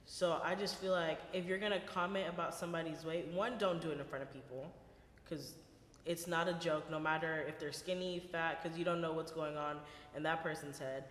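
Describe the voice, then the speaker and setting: A woman's voice: sits low, fairly quick. Young woman chatting in an echoey room. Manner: animated, laughs while telling stories. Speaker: podcast co-host. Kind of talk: casual chat. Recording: echoey room with long reverb.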